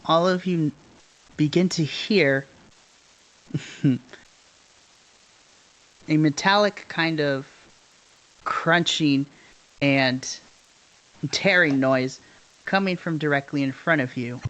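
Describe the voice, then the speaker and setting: A man's voice: fairly high pitch, slow, long pauses, a bit bright, highs cut off. A man narrating a tabletop game as its game master in a laid-back, descriptive way. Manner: laid-back, descriptive, chuckles between lines. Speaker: dungeon master.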